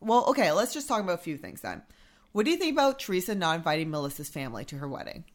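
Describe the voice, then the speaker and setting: A woman's voice: on the low side, very animated, very fast. A woman co-hosting a podcast in casual chat, blunt, swearing freely and laughing often. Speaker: podcast co-host.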